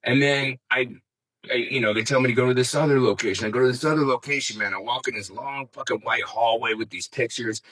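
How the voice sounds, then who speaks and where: A man's voice: medium pitch, quick pace, fairly bright tone, poor audio. A middle-aged man telling a story as an interview guest in casual, rambling talk, swearing freely and saying "man" often. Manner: rambling, laid-back, peppered with "man" and swearing.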